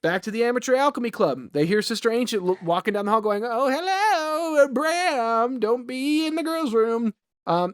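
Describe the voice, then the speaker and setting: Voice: mid-range voice, dry recording, clean studio sound. A podcast co-host recapping a movie scene by scene in a profane, rambling, exasperated way. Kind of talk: casual chat.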